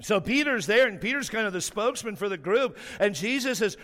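A man preaching a sermon, telling a story with animation and slowing down hard on the words he wants to stress. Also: high-pitched, expressive, a bit bright, big-room sound.

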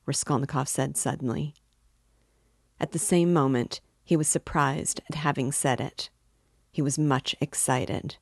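A woman reading a novel aloud as a guide, narrating in a measured, even way. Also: rumbling low, husky, dry recording, clean studio sound. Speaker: book reader and guide.

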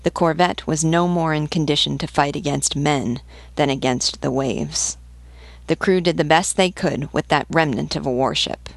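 A woman reading a novel aloud in a measured, even manner. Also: sits low, vocal fry, dry recording. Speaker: book reader. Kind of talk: audiobook reading.

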